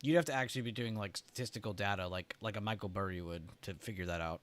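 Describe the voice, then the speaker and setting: Chatty man clearing his throat. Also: lowish voice, fast talker. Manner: loose and chatty, heavy on "like" and "right?". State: throat irritated, choking up. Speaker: trading stream host. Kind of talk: casual livestream explanation.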